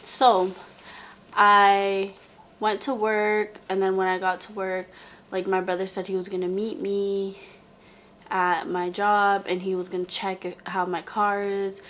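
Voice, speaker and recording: Brief: young woman vlogger, unhurried, chatty storytime voice with lots of fillers. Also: medium pitch, level tone, fairly bright tone. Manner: chatty, heavy "like" filler, talks to viewer as "girl". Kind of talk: casual storytime monologue.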